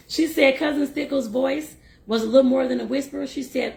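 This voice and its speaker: A woman reading a novel aloud and breaking off for lively, chatty asides to her listeners. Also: sits high, brisk, creaky, few pauses. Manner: lively, laughs and talks to listeners directly. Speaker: host and reader.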